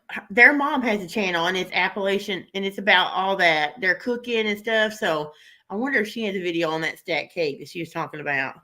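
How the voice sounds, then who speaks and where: A woman's voice: medium pitch, bright, forceful tone. A middle-aged woman with a country-sounding American accent, a food blogger chatting casually as a guest, rambling and laughing often. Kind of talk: casual interview chat.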